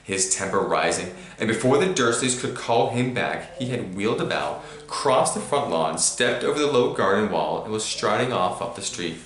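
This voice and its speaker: A man reading a storybook aloud to a child, with animated emphasis. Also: on the low side, moderate pace, few pauses. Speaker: reader to a child. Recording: roomy echo.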